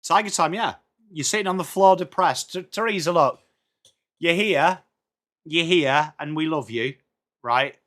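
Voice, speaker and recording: A man with an English accent hosts a live football watchalong, chatting away to his viewers. He greets them by name and throws in jokes as he goes, his voice sitting slightly high for a man. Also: lively intonation, normal speed, fairly bright tone. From England. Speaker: streamer hosting a football watchalong. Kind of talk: casual live-stream chat reading out viewer comments.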